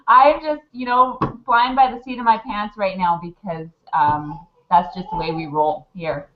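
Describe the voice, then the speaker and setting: A woman's voice: mid-range voice, fairly even intonation, unhurried. A woman guest in a casual video chat, rambling and giggling. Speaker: guest mom. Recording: dull lo-fi audio with clicking noise.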